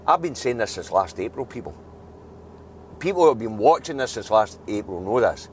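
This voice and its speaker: A man's voice: fairly low pitch, expressive, a little fast, slight background noise. Angry Scottish man ranting. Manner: blunt, angry, swears a lot, rising to emphatic outbursts. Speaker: political video commentator. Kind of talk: ranting news review.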